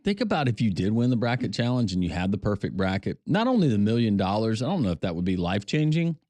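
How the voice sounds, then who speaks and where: A man's voice: on the low side, very animated, quick pace, darkish tone, dry recording. A man co-hosting a sports talk radio show, joking and tossing out questions. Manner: joking banter, asks questions.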